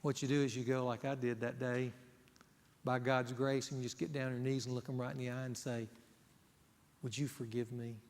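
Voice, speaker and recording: A male pastor preaching an earnest, emphatic sermon that moves between loud stresses and hushed asides. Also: medium pitch, level tone, brisk. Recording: long reverb of a church hall.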